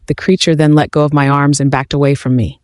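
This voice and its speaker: Guy reading a story out loud, kinda high voice, steady, dry close mic. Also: fast talker, no echo. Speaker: narrator. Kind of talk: scripted first-person story narration.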